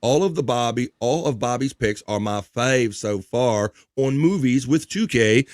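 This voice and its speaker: A man hosts a casual livestream, upbeat and thankful, reading viewer comments aloud. His voice sits at a middle pitch. It is recorded close and dry. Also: lively intonation, measured pace, no echo. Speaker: livestream host. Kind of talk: casual chat, reading chat messages.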